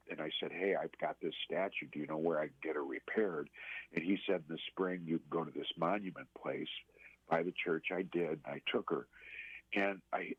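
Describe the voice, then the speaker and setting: A man telling a personal story as a radio interview guest, earnest and halting, with many restarts. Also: low-pitched, slightly rough, dry recording. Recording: tinny phone line.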